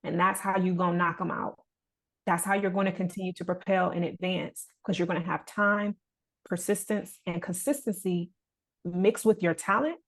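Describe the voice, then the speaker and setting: A woman's voice: lowish voice, normal speed. A young adult woman speaking as a podcast guest in casual conversation, earnest and reflective with a motivational push.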